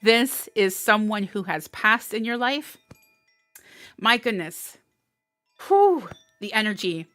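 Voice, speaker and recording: A woman's voice: mid-range voice, animated, takes it slowly, long pauses, a bit bright, no room sound, faint music behind. A woman giving a live tarot reading, emotional and encouraging, often laughing. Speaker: tarot reader. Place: indoors, live stream.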